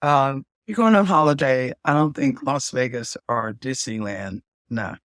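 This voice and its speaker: A woman's voice: very deep voice, measured pace, dry recording, clean studio sound. A woman co-hosting a podcast in casual chat, emphatic and chatty with folksy asides. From United States. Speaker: podcast co-host and singer.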